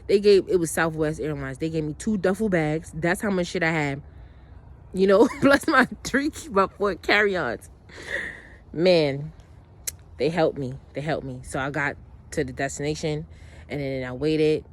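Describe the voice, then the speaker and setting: A woman's voice: low voice, measured pace. A woman telling a long personal story in a casual monologue, blunt and emotional, swearing freely and rambling with restarts and asides.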